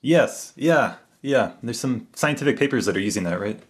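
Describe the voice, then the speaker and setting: A man hosts an interview in a casual, conversational way. He reacts eagerly to his guest with frequent exclamations. His voice sits at an ordinary middle pitch. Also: lively intonation. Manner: enthusiastic, quick to react with exclamations. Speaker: podcast host.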